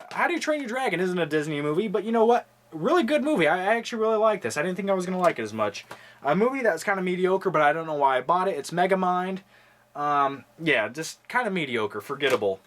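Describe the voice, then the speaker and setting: Young male host, casual wisecracking chat, lively pitch, audible hiss. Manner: wisecracking, offhand, swears casually. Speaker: video host reviewing his movie collection. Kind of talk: casual chat with jokes and impressions. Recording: noisy home recording.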